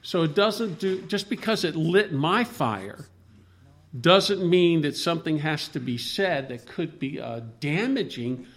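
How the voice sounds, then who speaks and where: Guy running a bible study, kinda high voice, rambles and restarts a lot, quotes old scripture. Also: animated, unhurried, a bit bright. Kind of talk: informal Bible discussion.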